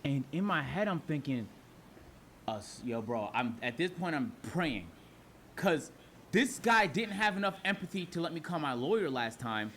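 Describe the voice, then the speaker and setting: A young streamer recounts a story to his chat, cursing freely and dropping to a hush whenever he acts out his own polite replies. His voice sits high and swings widely in pitch. A faint hiss lies under it. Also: moderate pace. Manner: animated, profane, talks to chat, acts out his side quietly.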